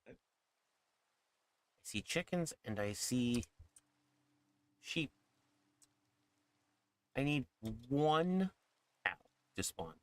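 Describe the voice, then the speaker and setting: A man's voice: medium pitch, sing-song, drawn-out words, pauses often. A man talking casually and wryly about his game as he plays with a friend. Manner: wry, commenting on his play. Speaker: co-player. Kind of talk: casual gaming chat.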